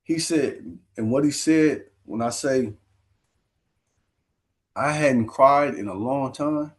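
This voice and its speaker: A man's voice: mid-range voice, takes it slowly. Emotional man retelling a story. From Minneapolis, USA. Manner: earnest, emotional, retells others' words with "he said". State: emotional, near tears. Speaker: guest.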